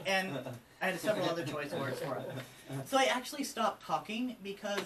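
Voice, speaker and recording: Guy almost fifty from colorado, kinda high-ish voice, chatty and open, lots of ums, mic a bit far with faint room noise. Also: animated, moderate pace. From Colorado, USA. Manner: open and conversational, many ums and asides. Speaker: interview guest, trans advocate. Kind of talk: candid personal storytelling.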